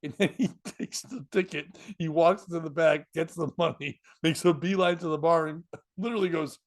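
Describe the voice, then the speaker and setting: A comedian telling a story in casual chat, slipping into voices and laughing often. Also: male voice, a little high, normal speed. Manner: animated, jumps into voices and laughs.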